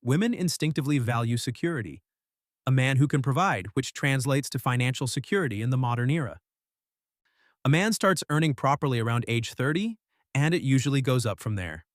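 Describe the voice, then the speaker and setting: A man narrating a scripted voice-over in a calm, matter-of-fact way. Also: medium pitch, brisk, no echo, studio quality.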